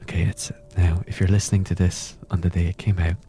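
A man hosting a podcast, talking in a hushed, shushing, exasperated whisper as part of a comedy bit. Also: deep voice, level tone, fast, a little hiss or hum. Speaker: podcast host. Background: whale song music.

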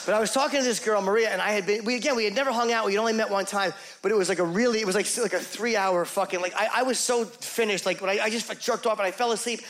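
High-voiced man doing crude stand-up. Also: very fast, hardly any pauses. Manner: rambling, crude, self-mocking, animated. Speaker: stand-up comedian. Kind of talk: stand-up comedy storytelling.

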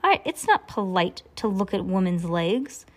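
A woman's voice: medium pitch, big pitch swings, measured pace. A woman reading aloud as a bossy, impatient male lumber mill boss who barks out orders. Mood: curt. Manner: curt, barking orders.

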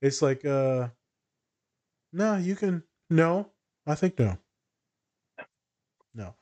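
A man's voice: fairly high pitch, expressive, extremely slow, a little mellow. A man co-hosting a casual podcast, chatting loosely with laughter and plenty of swearing. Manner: laughing, profane, joking banter. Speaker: co-host, therapist.

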